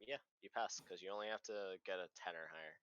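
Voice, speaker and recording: A man's voice: low voice, fast talker, a bit bright, smooth, no echo, muffled recording. A man running a tabletop game as game master, easygoing and laughing often as he explains the rules.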